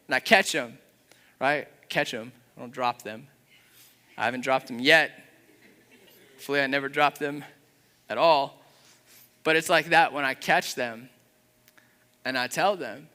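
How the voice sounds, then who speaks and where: A young man preaching a sermon in an earnest, conversational way, with a father's warmth. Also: mid-range voice, normal speed, long pauses. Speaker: pastor.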